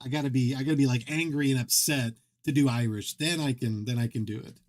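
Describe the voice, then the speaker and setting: A man's voice: medium pitch, quick pace. Man, casual stream chat, rambling, self-deprecating, joking. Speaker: streamer host.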